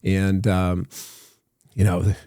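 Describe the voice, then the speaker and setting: A man's voice: sits low, completely flat delivery, slow pace, dark tone, no echo, clean studio sound. An older man, an actor guest on a podcast, telling long anecdotes full of fillers and laughs. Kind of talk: storytelling in a podcast interview.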